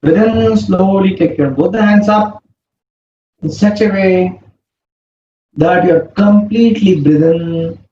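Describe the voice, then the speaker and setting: A man leads a yoga session, pacing each breathing cue very slowly. His voice sits high for a man and comes from some distance off the mic. The sound is roomy and a little muffled, with a faint hum underneath. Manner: slow, calm breathing cues. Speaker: yoga instructor. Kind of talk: guided yoga instruction.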